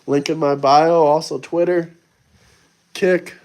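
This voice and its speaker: A man's voice: fairly high pitch, steady tone, slow pace, darkish tone. A young man from the United States hosting a casual livestream, reading chat and answering viewers in a blunt, argumentative, mocking way. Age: young adult. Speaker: livestream host.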